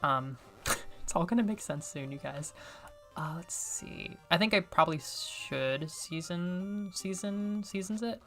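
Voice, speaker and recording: A woman streamer chatting casually and excitably while she plays a video game, often joking at her own expense. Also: lowish voice, measured pace, faint music behind. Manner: chatty, excitable, self-deprecating. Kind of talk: casual gameplay commentary.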